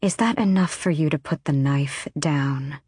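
A woman reading the part of a guarded, solemn young woman rebel who speaks tersely and quietly. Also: low voice, unhurried, husky, no room sound, studio quality, full character voice.

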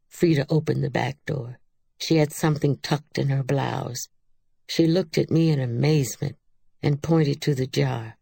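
A woman narrating a literary audiobook in a measured, unhurried reading. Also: extremely low pitch, fairly even intonation, creaky, mellow, breathy edge, no echo.

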